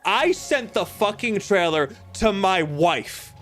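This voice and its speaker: A man's voice: high-pitched, very animated, takes it slowly, a bit bright, soft background music. A young man playing a video game and ranting profanely while telling a story. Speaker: gaming streamer. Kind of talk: casual let's-play chat.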